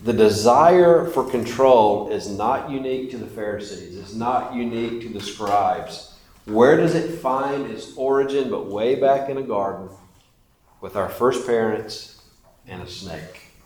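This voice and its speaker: A man preaches a sermon in an emphatic way, his voice rising and falling. His voice has a middling pitch. The sound carries the echo of a large church room. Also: animated, a little slow, a little mellow, a little hiss or hum. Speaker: pastor. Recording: echoey church hall.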